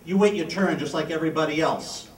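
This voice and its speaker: A man's voice: fairly high pitch, fast, a little hiss or hum, close to an everyday voice. A man doing a stern scolding nun. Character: stern Catholic school nun, strict woman. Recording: echoey hall, distant mic, music.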